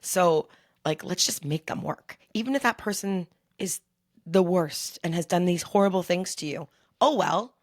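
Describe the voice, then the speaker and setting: A middle-aged woman co-hosting a podcast, chatting casually and telling frank, animated stories with some swearing. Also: on the low side, normal speed, dry recording, clean studio sound. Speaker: podcast co-host. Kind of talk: casual chat.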